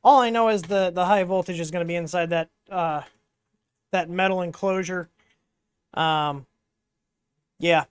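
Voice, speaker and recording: A man's voice: sits high, steady tone, unhurried, long pauses, smooth. A man hosting a casual livestream, rambling with lots of fillers as he explains hardware while working on it, speaking into a wireless mic. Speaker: livestream host. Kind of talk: casual hands-on tech livestream.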